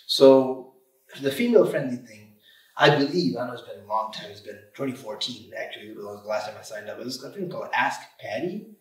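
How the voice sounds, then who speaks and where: A man's voice: mid-range voice, brisk. Emphatic man, distant roomy mic. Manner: emphatic, animated, leans on "you know" and "literally". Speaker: auto repair shop owner. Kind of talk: podcast interview guest.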